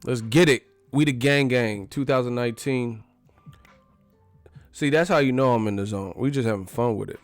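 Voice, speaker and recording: A man hosting a live boxing talk stream, riffing in an animated, profane, joking way. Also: mid-range voice, normal speed, no echo, faint music behind. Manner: animated, profane, laughing riffs. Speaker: boxing channel host. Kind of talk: casual live-stream commentary.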